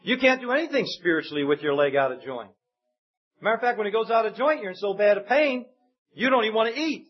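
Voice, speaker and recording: A man's voice: high voice, expressive, fast. A man preaching a sermon in a conversational way, acting out the voices in the stories he retells. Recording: dull lo-fi sound.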